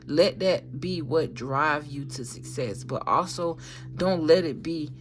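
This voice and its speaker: A woman's voice: deep voice, slow pace, a little hiss or hum. A woman giving a casual tarot reading, talking in a slangy, emphatic way and swearing freely. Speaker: tarot reader.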